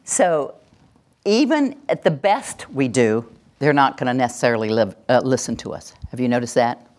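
A woman leads a parenting workshop as a live demonstration, talking plainly and then breaking into high, gushing praise. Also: lively intonation, normal speed, a little mellow.

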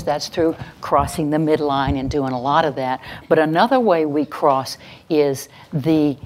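A woman presenter teaching a live parenting workshop to an audience, lively and acting out little scenes in quoted voices. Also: sits low. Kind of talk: live instructional talk to an audience. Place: venue with stage lights and an audience.

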